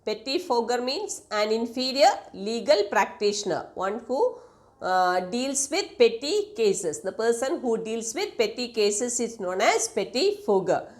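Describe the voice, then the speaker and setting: A woman's voice: fairly high pitch, big pitch swings, unhurried. A woman teacher explaining a play in a lesson, glossing words and asking questions. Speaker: English teacher.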